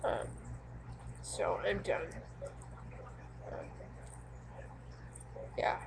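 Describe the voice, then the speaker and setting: Young woman, casual vent to camera, rambling, halting with many ums, frustrated, faint noise behind. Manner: upset and frustrated. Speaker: vlogger.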